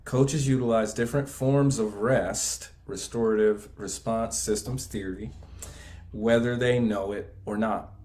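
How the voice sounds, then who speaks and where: A man co-hosting a live class, reading passages from a book aloud in a measured way. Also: on the low side, steady tone, darkish tone. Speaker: class co-host.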